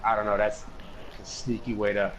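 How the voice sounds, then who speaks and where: A man's voice: fairly low pitch, level tone, moderate pace, noisy background. A man improvising as a mock political analyst, rambling and hesitant, leaning on "you know" constantly. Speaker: mock political analyst in game role-play. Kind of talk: improvised comedic role-play chat.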